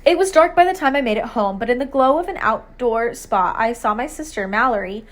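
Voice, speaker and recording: A woman reading an audiobook aloud, measured storytelling narration in the first person. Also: on the high side, expressive.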